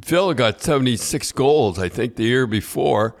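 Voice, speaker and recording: This older podcast host has a gravelly, medium-pitched voice that is expressive and moves at a normal speed. He tells long, meandering anecdotes in a casual storytelling chat, restarting often and repeating words.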